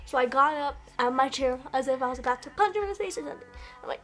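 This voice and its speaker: A woman's voice: high-pitched, soft background music. A woman vlogger telling a story casually and animatedly, acting out the dialogue. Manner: animated, quick bursts, acts out dialogue. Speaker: beauty vlogger.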